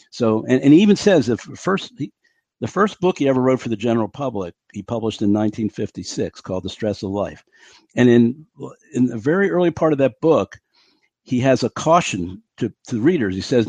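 Man, middle-aged, interview guest, emphatic, blunt, mid pitch, dry close sound. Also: very animated, moderate pace, darkish tone, no echo. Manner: emphatic, blunt explainer who acts out quotes. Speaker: podcast guest, physician and stress expert. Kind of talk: conversational interview explanation.

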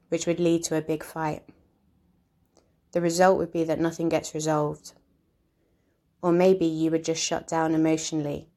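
A woman reads a scripted lesson in a calm, measured way. Her voice sits low and stays flat, with little rise or fall. She explains each point plainly and steadily. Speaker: instructor. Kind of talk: scripted instructional narration.

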